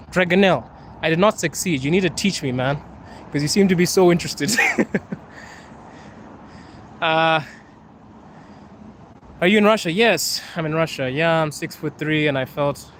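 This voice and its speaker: A man's voice: high voice, a little hiss or hum. Laughing, chatty young Zimbabwean man outdoors. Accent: American-leaning English. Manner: chatty, laughs often, playful. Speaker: livestream host. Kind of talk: casual livestream chat reading comments. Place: outdoors on a city street at night.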